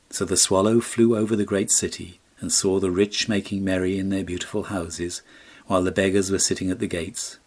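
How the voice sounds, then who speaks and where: A man reading a classic fairy tale as an audiobook, measured and expressive. His voice sits low with a husky edge. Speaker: audiobook narrator. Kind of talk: scripted storybook narration.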